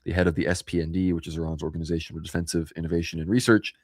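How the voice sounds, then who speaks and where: A man with a very deep voice and hiccups gives casual political commentary on a live stream, reading out news and viewer comments. The sound is dry and close, with no room around it. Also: little pitch movement, rapid-fire, no room sound. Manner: reads out news and chat comments. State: has hiccups. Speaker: co-host.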